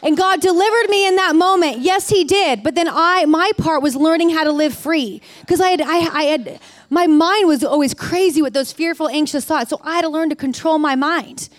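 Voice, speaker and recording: A woman in her forties preaching a personal testimony in a high, bright-pitched voice. She talks candidly and expressively, with plenty of casual fillers. The sound is dry and close, with no room echo. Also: moderate pace. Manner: candid and expressive, peppered with "like" and "oh my gosh". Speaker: ministry leader preaching. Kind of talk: sermon testimony.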